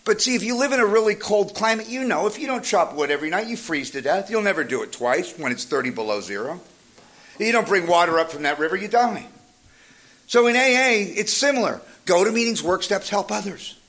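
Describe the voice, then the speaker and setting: A man with a high-sitting voice talks a little fast as he gives a humorous motivational talk about recovery. He's an energetic storyteller, packing his stories with jokes.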